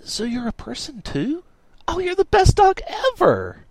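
Man doing a gushing teen girl, squealing very high, voice leaping wildly up and down, storybook audiobook. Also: wildly swooping pitch, normal speed, darkish tone, no room sound.

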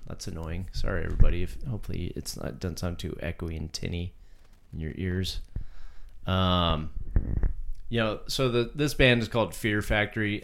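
A man with a very low voice co-hosts a relaxed home podcast about music. He rambles loosely, drifts off track, and keeps apologizing to listeners with a self-deprecating streak. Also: slight background noise. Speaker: podcast co-host. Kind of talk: casual chat about music. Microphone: home podcast microphone.

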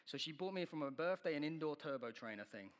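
A man preaching a sermon, telling stories in an animated way and acting out the scenes. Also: fairly high pitch, fast talker, big-room sound.

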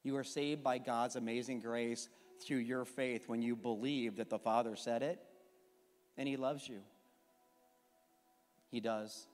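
Long reverb and soft music surround a medium-pitched pastor as he gives a sermon and closing prayer in a church sanctuary. He speaks a little slowly in a steady tone, pausing often, yet builds fervently to impassioned emphasis.

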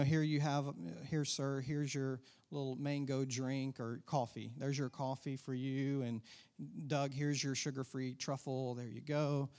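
Conversational pastor preaching. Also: male voice, on the high side, a little mellow. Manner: conversational preaching with asides and laughs. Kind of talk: sermon.

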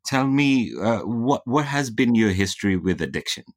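A man hosting an interview, asking halting, conversational questions. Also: mid-range voice, animated. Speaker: interview host.

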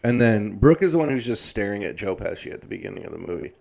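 A man's voice: lowish voice, very animated, quick pace, vocal fry, a little mellow. A man in his thirties ranting comedically, exasperated and swearing heavily. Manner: profane, exasperated, heavy swearing. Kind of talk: comedic rant.

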